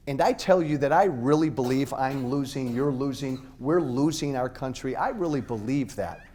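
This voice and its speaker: A man's voice: on the high side, darkish tone. A middle-aged man giving a blunt, impassioned, off-the-cuff speech to college students in a university hall, talking straight to the crowd. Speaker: political speaker.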